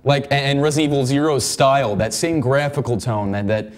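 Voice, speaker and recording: Rambling, excitable male podcast co-host. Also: medium pitch, brisk, a little hiss or hum. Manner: rambling, repeats words, enthusiastic about games. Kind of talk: casual chat.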